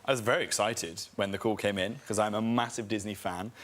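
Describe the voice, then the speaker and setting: A man's voice: on the low side, fairly even intonation, a little fast. A man in his thirties, a chat show guest telling comic stories about himself, often laughing as he talks. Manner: self-mocking, laughing through stories. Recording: loud background noise.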